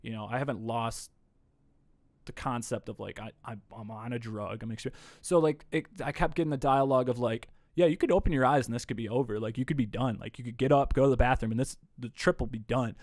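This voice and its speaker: A man, a podcast guest, telling a story in a casual, animated way, swearing freely. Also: medium pitch, quick pace, no echo, studio quality. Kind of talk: casual conversation. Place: indoor room.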